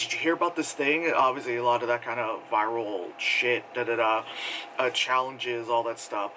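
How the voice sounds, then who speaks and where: A man's voice: mid-range voice, sharp tone, a little hiss or hum, low-quality recording. A man casually reviewing a film, rambling with lots of fillers and laughing as he goes. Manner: rambling, filler-heavy, laughs often, mimics characters. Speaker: movie reviewer.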